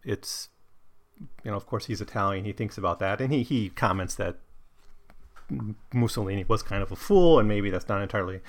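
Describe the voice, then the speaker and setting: Low-voiced man talking through a novel. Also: lively intonation, brisk. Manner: loose, conversational, with frequent restarts and "you know". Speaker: podcast host discussing a novel. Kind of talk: chapter-by-chapter book commentary.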